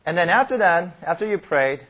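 A man teaching a Bible study class. His pitch moves a lot and rises and falls as he explains each step. His voice is a little husky, and he stumbles and restarts words while checking that the class follows. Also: lively intonation, brisk, fairly bright tone. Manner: repeats key words, frequent "okay?" and "right?" check-ins.

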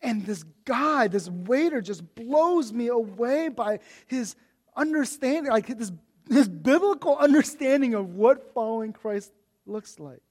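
A man as pastor, giving a conversational sermon with lots of restarts, turning animated when he mimics his own complaints. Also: very high voice, unhurried.

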